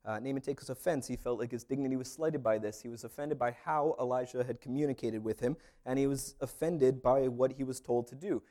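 A man's voice: mid-range voice, a little fast, few pauses, mellow. A man preaching a casual sermon, talking through a Bible story conversationally with joking asides. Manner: conversational, jokey asides, lots of fillers. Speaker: pastor.

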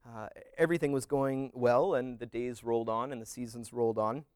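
A man retelling a parable as a story in a relaxed, rambling way, with many fillers and restarts. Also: medium pitch, fairly quick, smooth, dry recording, studio quality.

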